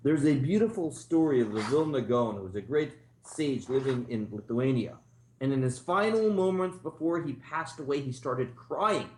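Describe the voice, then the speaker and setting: Animated rabbi teaching in a roomy hall. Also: male voice, medium pitch, normal speed. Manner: conversational, storytelling, asks the class questions. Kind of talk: informal Torah class lecture. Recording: roomy echo.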